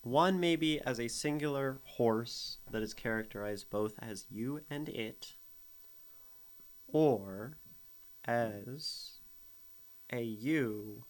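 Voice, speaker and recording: A man's voice: medium pitch, extremely slow, pauses often. A man streaming as host, casually critiquing a poem and humming out its rhythms, often laughing. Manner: explains rhythm by vocalizing beats, laughs often. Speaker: streamer reading and critiquing poetry. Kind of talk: casual chat.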